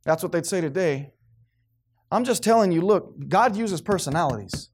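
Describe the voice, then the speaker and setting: A man's voice: sits high, moderate pace. A man preaching a sermon to a congregation, acting out the voices of the people he quotes. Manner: animated, acts out quoted voices, responsive amens from congregation.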